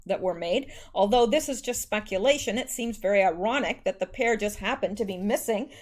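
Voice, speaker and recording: A woman's voice: mid-range voice, brisk. A woman hosting a political commentary show, reading news articles aloud and adding sarcastic, scornful asides with many fillers. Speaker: political commentary channel host.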